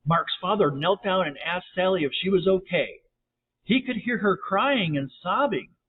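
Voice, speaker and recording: Man narrator for a bedtime story, high voice, gentle and lively, tinny sound. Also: normal speed, breathy edge. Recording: tinny phone-like audio, faint hiss.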